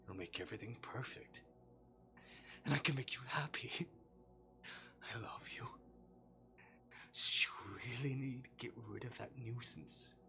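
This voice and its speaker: A streamer voicing a hushed, possessive creature at the door. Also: medium pitch, vocal fry. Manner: slow, hushed, partly whispered. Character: possessive unseen creature outside the door, mimicking loved ones.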